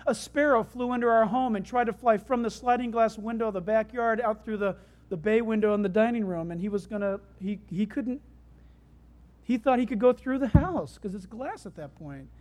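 A preacher working through a sermon with everyday stories. The delivery is conversational and animated, rising to loud bursts and dropping low and quiet. The pitch sits in the middle. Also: moderate pace. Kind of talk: sermon with storytelling.

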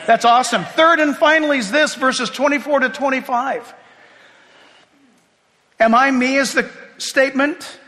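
A man preaching a sermon with animated delivery, swinging from hushed asides to loud exclamations. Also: extremely high pitch, measured pace, long pauses. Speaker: pastor. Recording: reverberant hall.

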